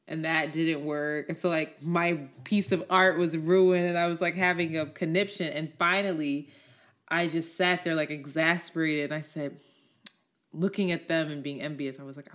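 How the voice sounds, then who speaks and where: A young adult woman co-hosting a podcast, telling a personal story in casual chat, candid and quick to swear as she acts out what people said. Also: sits low, fairly even intonation, a bit bright. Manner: candid, swears freely, acts out quoted voices. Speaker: podcast co-host.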